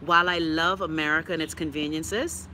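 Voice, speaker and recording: This Bahamian woman, speaking with a Bahamian accent, hosts a casual live-stream chat, reading viewers' comments with outspoken, profane sass and frequent laughs. Her low voice is steady and sharp, a little fast, with a little hiss or hum.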